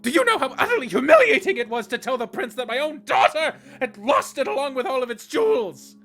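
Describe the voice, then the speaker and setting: A man voicing a shrill, furious middle-aged woman bishop scolding her daughter. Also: lively intonation, a little slow, faint music behind. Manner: scolding, shouting.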